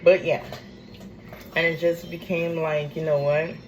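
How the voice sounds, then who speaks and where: A woman's voice: low voice, poor audio. A woman telling a storytime rant in a casual vlog, blunt and sassy. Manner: blunt, sassy, drawn-out and expressive. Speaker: vlogger. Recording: noticeable background noise.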